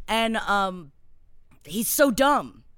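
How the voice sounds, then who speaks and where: A woman co-hosting a chatty TV recap podcast, blunt and swearing freely, laughing as she goes. Her voice is mid-pitched. The recording is close and dry. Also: very animated, extremely slow, fairly bright tone, clear, resonant tone, no room sound. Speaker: podcast co-host. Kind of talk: casual recap chat.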